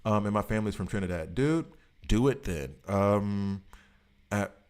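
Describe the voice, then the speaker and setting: Low-voiced man in casual stream chat. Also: animated, unhurried, clean tone. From United States. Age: 30s. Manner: loose, rambling, slangy.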